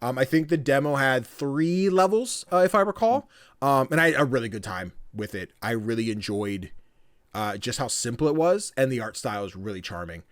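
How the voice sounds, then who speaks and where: A man hosting a casual podcast, talking in an animated way, laughing often and acting out voices as he retells things. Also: medium pitch, a little fast, no echo, clean studio sound. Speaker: podcast host.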